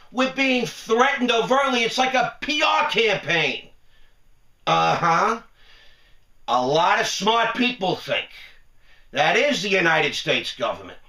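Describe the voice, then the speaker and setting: Man, casual rambling rant, sarcastic, laughing, high-pitched, echoey distant recording. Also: gravelly, pushed and bright. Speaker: vlogger. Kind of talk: casual talking-head rant.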